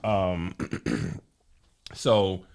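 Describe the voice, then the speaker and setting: A man with a lowish voice chats as a podcast co-host. He retells stories with animation, slipping into little voices for quotes. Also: extremely slow, creaky. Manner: animated storyteller, acts out quotes. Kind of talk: casual chat.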